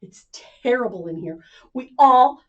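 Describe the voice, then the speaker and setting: A woman's voice: high voice, expressive, moderate pace, fairly bright tone, muffled recording, voice pushed up. A woman voicing a group of farm animals stuck in a ditch in a children's story, fretful and complaining.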